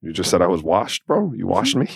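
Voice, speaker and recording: A laid-back man in his forties with a lowish voice, chatting on a podcast and spinning loose stories with plenty of swearing. He shrugs things off in an easy, relaxed manner. The recording is close and dry. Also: a little fast, gravelly, breathy edge, no echo. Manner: laid-back, profane storyteller. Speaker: podcast co-host. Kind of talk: casual chat.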